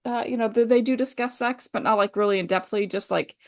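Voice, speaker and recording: A woman's voice: a little high, fast talker. A woman co-hosting a podcast, chatting enthusiastically with lots of fillers. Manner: chatty, enthusiastic, many "you know" and "like" fillers. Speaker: podcast co-host. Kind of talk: casual chat.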